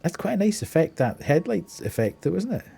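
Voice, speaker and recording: A man's voice: fairly high pitch, sing-song, brisk, gravelly, dark tone, husky. A man with a mild Scottish accent giving chatty, wry live commentary on a game he is streaming, often breaking into laughter.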